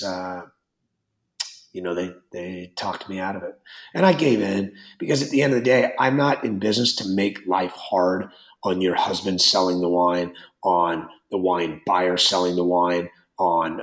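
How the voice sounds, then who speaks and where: A man in an interview, a winemaker who talks in a blunt, rambling, animated way and swears casually. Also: sits low. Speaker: winemaker and wine business owner. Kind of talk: interview conversation. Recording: roomy echo.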